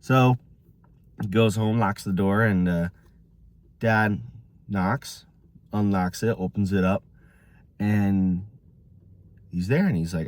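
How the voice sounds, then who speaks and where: A man's voice: on the low side, slow, long pauses, darkish tone. A man telling a joke story casually, rambling with many fillers.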